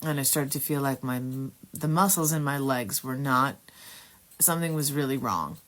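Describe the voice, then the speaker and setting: A woman telling her personal Christian testimony in a candid, earnest, halting way, with frequent pauses. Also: rumbling low. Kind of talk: casual personal testimony storytelling.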